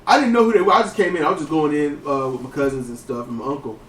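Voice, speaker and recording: A man hosting a casual wrestling podcast, telling stories in a lively way, with frequent swearing and restarted sentences. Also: fairly high pitch, rapid-fire, slight background noise. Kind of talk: casual commentary chat. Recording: roomy, distant mic.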